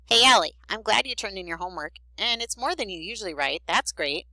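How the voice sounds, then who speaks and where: A woman's voice: mid-range voice, animated, brisk, pushed and bright, dry recording, pitched above the performer's own voice, rough recording. A woman voicing an upbeat male schoolteacher who speaks cheerfully and carefully, in a storybook reading. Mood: gentle. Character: upbeat male teacher, gentle but serious.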